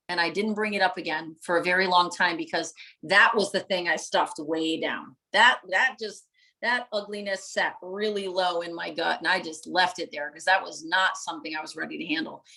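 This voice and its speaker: A woman's voice: lowish voice, vocal fry, pushed and bright, rough recording. A middle-aged woman giving a live motivational talk to viewers, passionate and preacher-like, driving points home with emphatic repetition. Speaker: motivational speaker and coach.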